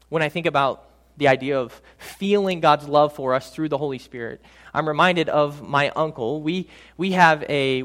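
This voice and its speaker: A man preaching a sermon in a slightly higher voice, building to emphatic lines, then dropping to soft, drawn-out words. His delivery is dynamic and heartfelt. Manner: dynamic preaching, drops to soft near-whispers on key words; slows right down for emphasis. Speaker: pastor.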